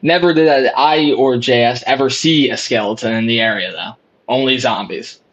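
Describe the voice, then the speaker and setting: A man's voice: medium pitch, moderate pace, fairly bright tone, low-quality recording. Guy doing a joke prosecutor bit, keeps saying obviously, rambly, mid voice. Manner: rambling, repeats "obviously" and "of course". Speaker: prosecutor in a mock trial. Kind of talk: casual mock-courtroom argument among gaming friends.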